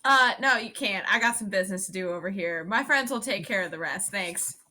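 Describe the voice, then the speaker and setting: A woman's voice: mid-range voice, animated, fairly quick, pushed and bright. A woman playing a tabletop game, speaking in character in a brash, sassy and playful way. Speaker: player.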